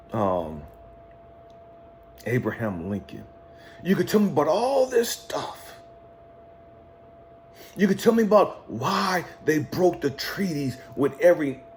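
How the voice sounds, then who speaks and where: With a voice on the high side and a slight hiss or hum in the recording, a man acts out a stern male God interrogating him, first probing and mocking, later scolding and cursing, as retold dialogue within a motivational monologue.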